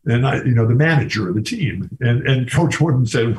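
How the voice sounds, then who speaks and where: Older American man, podcast guest, rambling and enthusiastic, mid-pitched voice. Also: expressive, measured pace, darkish tone. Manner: rambling, enthusiastic, repeats words. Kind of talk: casual storytelling interview.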